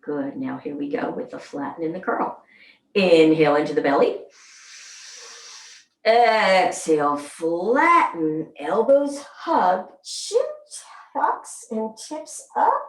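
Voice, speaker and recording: Slow, low-voiced woman guiding gentle stretches. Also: very animated. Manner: slow, soothing, counts aloud. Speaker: somatic movement instructor. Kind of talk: guided exercise class. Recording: roomy sound, mic at a distance.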